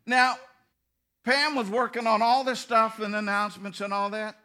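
A man's voice: high-pitched, fairly even intonation, moderate pace, bright, forceful tone. A middle-aged man preaching a humorous sermon, telling stories and acting out little dialogues with bursts of emphasis. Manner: storytelling with mimicked dialogue, bursts of laughing emphasis. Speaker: pastor.

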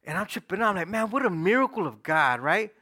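A middle-aged man preaching a personal testimony in casual, slang-filled storytelling that swings between loud and hushed. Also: high voice, sing-song, fast talker. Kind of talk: sermon testimony.

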